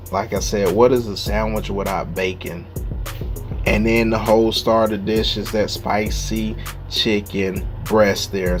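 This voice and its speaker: Laid-back man saying "man" a lot. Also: on the low side. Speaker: home cook. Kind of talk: casual cooking video narration. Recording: music playing underneath.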